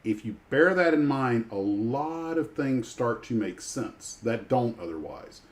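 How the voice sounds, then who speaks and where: In casual livestream chat, a retired pilot rambles through his stories, often starting over. His voice is medium-pitched and a little mellow.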